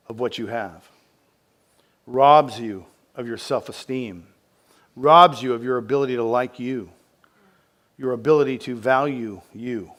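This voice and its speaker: A middle-aged man preaching a sermon as pastor, with emphatic repeated phrases, swinging from loud passion to hushed intensity. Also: medium pitch.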